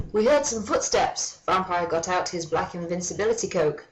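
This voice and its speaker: A woman's voice: on the low side, animated, measured pace, slight background noise, low-quality recording. A woman giving a mock-dramatic reading of a fan story, breaking off for sardonic, swearing asides. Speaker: comedic reader.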